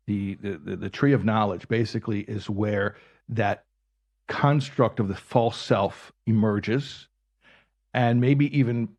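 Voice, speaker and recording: A man in a reflective conversation who explains ideas step by step and repeats his key words. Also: fairly low pitch.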